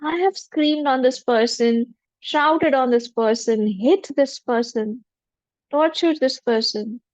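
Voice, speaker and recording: A woman, a spiritual teacher leading a guided forgiveness meditation in a gentle, humble voice with repeated affirmations. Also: high voice, slow pace, no room sound. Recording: dull lo-fi dry recording.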